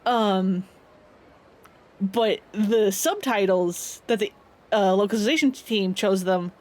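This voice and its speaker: A woman's voice: mid-range voice, a little slow, darkish tone. A woman streamer giving casual gameplay commentary, chatty and full of fillers. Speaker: game streamer.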